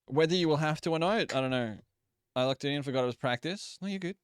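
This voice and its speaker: A man's voice: fairly high pitch, quick pace, slight background noise. A young man streaming a racing game live, chatting casually, swearing freely and apologizing to viewers for audio trouble. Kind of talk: casual live gameplay commentary.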